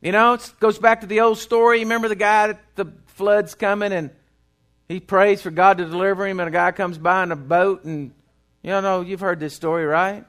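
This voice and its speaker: A man preaching a sermon, swinging between loud bursts and hushed, quiet stretches. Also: high voice, steady tone, fairly quick. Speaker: pastor.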